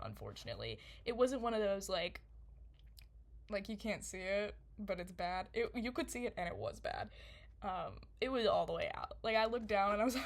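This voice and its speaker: A woman's voice: medium pitch, brisk. Young woman rambling a story. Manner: animated, laughs often, filler-heavy rambling. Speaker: vlogger. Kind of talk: casual storytelling to camera.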